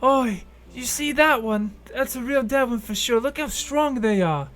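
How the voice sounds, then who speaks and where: A man voicing a small, excitable male elf helper who chatters in amazement. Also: extremely high pitch, measured pace, voice pushed up, exaggerated voice. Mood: impressed. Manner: gawking, impressed chatter.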